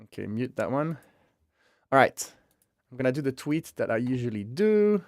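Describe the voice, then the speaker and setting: A man's voice: mid-range voice, sing-song, normal speed, dry recording. Man, live stream host, casual rambling chat, dry close sound. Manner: chatty, rambling, self-amused. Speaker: livestream host. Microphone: headphones with mic.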